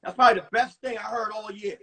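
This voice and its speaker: A man in his forties, a comedian telling crude, animated stories about his school days on a phone livestream. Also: high-pitched, fast talker, breathy edge. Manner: animated, profane storytelling with acted-out voices. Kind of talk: stand-up storytelling on a livestream.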